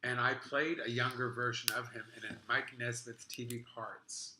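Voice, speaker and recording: A man's voice: mid-range voice, flat delivery, moderate pace, background noise. A man hosting a podcast in casual chat, rambling with lots of fillers. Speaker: podcast host. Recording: roomy echo.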